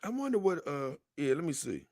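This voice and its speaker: A young man hosting a casual livestream, reading a text aloud and reacting to it in an animated, conversational way. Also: fairly high pitch, a little fast, no echo, clean studio sound. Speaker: livestream host.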